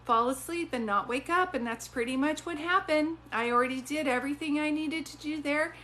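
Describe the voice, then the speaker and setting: A woman's voice: sits high, brisk, a bit bright, a little hiss or hum, pitched above the performer's own voice. A woman relaying a sweet old grandmother spirit. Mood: gentle.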